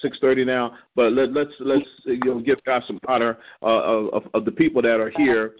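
A man's voice: medium pitch, level tone, moderate pace, a little hiss or hum. Older man exhorting over a phone line. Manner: exhorting, repeats words while searching. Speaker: elder leading a ministry prayer call. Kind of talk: encouraging church talk.

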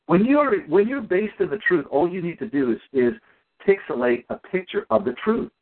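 A man telling stories in a casual community call, animated and acting out the people in them. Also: sits high, moderate pace. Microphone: phone or call audio. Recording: tinny phone line.

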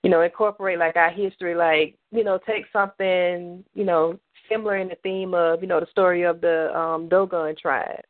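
A woman's voice: fairly low pitch, fairly even intonation, normal speed, no echo. A woman guest on a radio interview, chatting casually with lots of fillers and restarts, from the American South. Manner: rambling, many fillers and restarts. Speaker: author guest. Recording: tinny phone line, dry.

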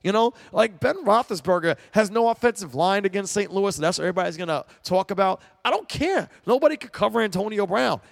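A man hosting his own sports podcast, talking in a loose, rambling way with casual swearing. His voice sits a little high for a man and sounds dry and close, with almost no room around it. He gets worked up when he argues a point. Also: expressive, fast, vocal fry, few pauses, no room sound. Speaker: podcast host. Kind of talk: solo sports talk podcast.

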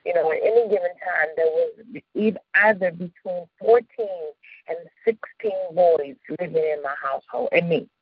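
A woman from the suburbs of Chicago hosting a radio show, telling personal stories in a casual, animated way with slang and frequent laughter. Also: on the low side, moderate pace, slightly rough, no echo, phone-quality sound. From Chicago suburbs, United States. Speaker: radio host. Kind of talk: casual storytelling chat.

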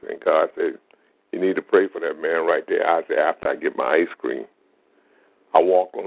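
A man's voice: low voice, creaky, husky. A man, telling faith-healing stories in a plain-spoken, folksy way as a lay minister. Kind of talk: informal testimony monologue. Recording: tinny phone-like audio.

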